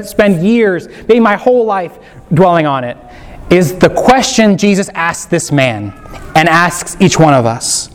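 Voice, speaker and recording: A man leading a gentle, inviting guided meditation on Scripture as a preacher. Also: sits high. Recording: long hall reverb.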